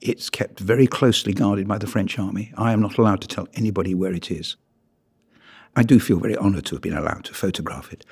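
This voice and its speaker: A British photographer gives a public talk on his pictures, earnest and measured, with emphatic rises on key words. His voice is deep and husky.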